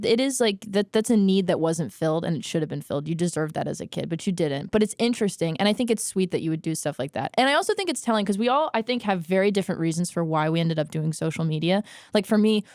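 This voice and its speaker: A young woman co-hosting a podcast, racing through her thoughts at a quick clip. She animates stories by acting out what she used to think, in quoted voices. Recorded in a dry, dead studio room on a close podcast mic. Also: lowish voice, no echo. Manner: fast, animated, acts out her own past thoughts in quotes. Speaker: podcast co-host. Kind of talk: casual podcast chat.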